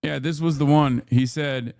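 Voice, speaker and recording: A man's voice: a little high, fairly even intonation, moderate pace, creaky, darkish tone, no echo, studio quality. Fired-up man ranting on stream. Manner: heated, mocking rant with frequent fillers and cursing. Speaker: streamer host reacting to clips. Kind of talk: profane political reaction commentary.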